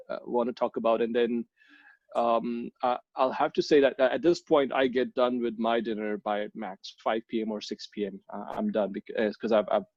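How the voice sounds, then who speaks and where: A man's voice: mid-range voice, no room sound. A young man from India answers questions in a casual interview, his talk full of ums and restarts. The sound is dull and lo-fi, dry with no room around it. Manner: hesitant, many ums and restarts. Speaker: podcast guest.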